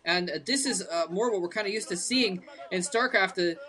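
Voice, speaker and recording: An esports commentator giving play-by-play commentary, hesitant with many ums and restarts, breaking into bursts of excitement at big plays. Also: mid-range voice, moderate pace.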